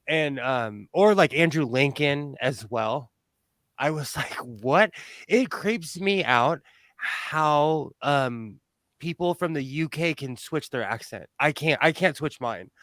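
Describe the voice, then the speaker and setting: A man's voice: a little high, animated, slow pace, fairly bright tone, dry recording. A man from Southern California with a Southern Californian accent, chatting casually and laughing often. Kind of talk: casual group chat.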